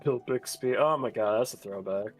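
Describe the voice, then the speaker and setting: A man's voice: medium pitch, normal speed. Man explaining raid tactics over game music. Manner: relaxed, explains raid tactics, laughs often. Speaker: streamer. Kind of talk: casual gaming chat with friends. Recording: faint game music behind.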